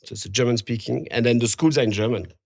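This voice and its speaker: A man's voice: medium pitch, quick pace, vocal fry, a little mellow. A man from Belgium with a French accent, native French speaker, talking as a podcast guest, hesitant with many fillers and restarts. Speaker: guest, mining assistant general manager. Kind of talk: casual podcast interview.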